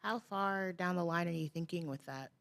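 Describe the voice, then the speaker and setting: A woman's voice: lowish voice, moderate pace, vocal fry, a bit bright. A woman city councilmember asking staff questions at a council meeting, thoughtful and hedging with frequent "like".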